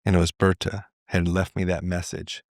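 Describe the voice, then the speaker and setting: A middle-aged man, a podcast guest, telling a candid personal story in an animated way. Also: low voice, moderate pace, no room sound, clean studio sound. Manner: animated, acts out quoted voices.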